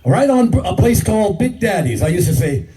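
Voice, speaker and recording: A man's voice: sits high, sing-song, fairly quick. An older man doing a stand-up comedy set, crude and brash, talking straight to the crowd. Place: live comedy club. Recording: distant mic, loud crowd laughter.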